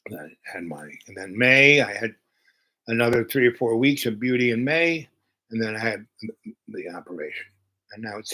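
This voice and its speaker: A man's voice: mid-range voice, pushed and bright, low-quality recording. Rambling man in his seventies. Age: 70s. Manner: meandering, chatty, jumps between thoughts. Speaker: channel host. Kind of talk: rambling personal storytelling.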